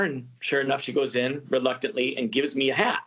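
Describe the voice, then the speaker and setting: A man hosting a travel podcast, telling a story in a casual, animated way and acting out what people said. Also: mid-range voice, fairly quick, slightly rough. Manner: animated, acts out quoted voices. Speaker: podcast host. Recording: muffled lo-fi audio.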